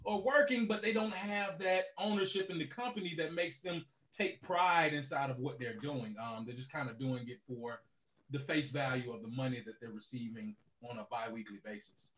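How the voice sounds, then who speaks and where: A man's voice: a little high, moderate pace, a bit bright. A man who owns a car rental business, talking animatedly as a podcast guest and tagging his points with "right?". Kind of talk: casual podcast conversation.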